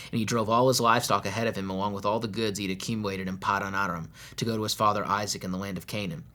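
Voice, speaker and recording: Casual low-voiced male pastor. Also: bright, forceful tone. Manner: casual, conversational preaching with modern slang. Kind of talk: sermon with Bible reading and commentary.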